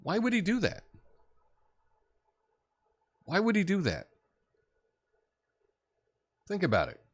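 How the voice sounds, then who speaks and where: A man's voice: a little high, a bit bright. A middle-aged man hosting a solo political commentary show, talking in a chatty, opinionated way with many fillers and little chuckles.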